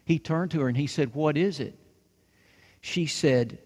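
A man preaching a sermon, telling a story with lively acted-out dialogue and hushed moments. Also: a little high, a little slow, pauses often, husky. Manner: animated, acts out dialogue, drops to hushed tones. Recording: long reverb of a large hall.

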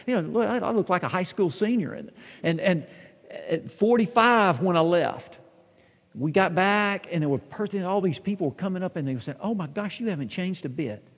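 A man's voice: high-pitched, expressive, moderate pace, big-room sound. A man in his sixties preaching a sermon, telling stories with animation and asking the congregation questions. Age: 60s. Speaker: pastor.

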